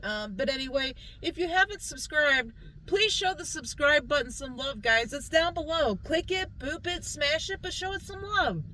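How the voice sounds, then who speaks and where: A woman's voice: high-pitched, expressive, moderate pace, sharp tone, a little hiss or hum, poor audio. A woman hosting a casual food review vlog from inside a car, chatty and upbeat, often talking straight to her viewers. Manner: chatty, upbeat, keeps calling the viewers "guys". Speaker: vlog host.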